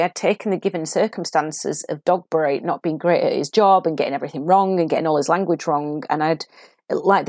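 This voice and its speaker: A woman with a Sheffield accent talks through a story in a casual podcast style, quick to laugh and animated. Her voice sits a little low. The recording is close and dry, with no room sound. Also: dry recording. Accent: Sheffield English. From England. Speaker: acting coach podcast host. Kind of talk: casual solo podcast talk.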